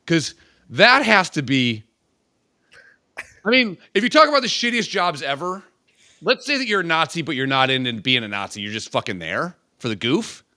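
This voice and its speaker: A man chatting on a podcast, his pitch jumping all over as he rambles and swears. His voice is bright and a bit forceful, and it sits close and dry with no room around it. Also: moderate pace, no echo. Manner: animated, crude, rambling with frequent profanity. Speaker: podcast co-host. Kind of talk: casual podcast chat.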